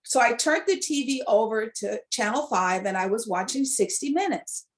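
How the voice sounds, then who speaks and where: A woman co-hosts a casual talk show and tells a story with a lot of feeling. Her voice sits a little high, and she jumps into the quotes she acts out. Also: moderate pace. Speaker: co-host. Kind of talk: casual chat.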